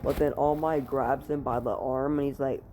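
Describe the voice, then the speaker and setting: A man telling a made-up fan story off the cuff, his voice at an ordinary middle pitch. He rambles, filling the gaps with "you know" and "like" and swearing freely. A faint hiss sits under the recording. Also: fairly even intonation, moderate pace, a little mellow. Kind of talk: casual improvised fan-fiction storytelling.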